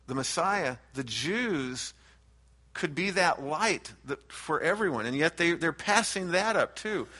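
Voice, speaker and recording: Earnest man preaching a verse-by-verse sermon. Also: a little high. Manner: earnest, animated when quoting, restarts phrases. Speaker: pastor. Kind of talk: expository sermon.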